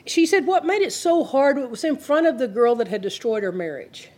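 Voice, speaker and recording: A woman's voice: high-pitched, expressive, brisk, darkish tone. A woman, telling a story in an earnest, conversational sermon. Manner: earnest, retells the story with quoted dialogue. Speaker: Christian teacher.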